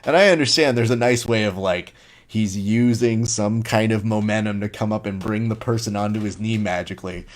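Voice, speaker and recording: A fairly low-voiced man hosts a relaxed interview. He tells his stories with real energy and jumps into the voices of the people he quotes. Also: a little fast. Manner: animated storyteller who acts out quoted lines. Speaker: podcast host. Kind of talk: casual interview chat.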